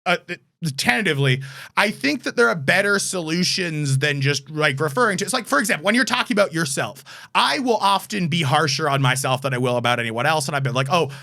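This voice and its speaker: A man co-hosting a podcast, arguing his point in casual, rapid chat. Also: a little high, animated, vocal fry, bright, forceful tone. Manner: argumentative, rapid interjections. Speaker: podcast co-host.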